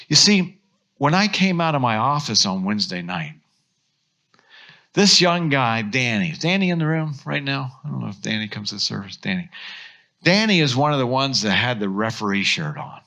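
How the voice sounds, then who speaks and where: A pastor with an American accent preaching a sermon, telling stories with lively acted-out quotes. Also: male voice, medium pitch, normal speed, vocal fry. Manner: animated storytelling, acts out quotes.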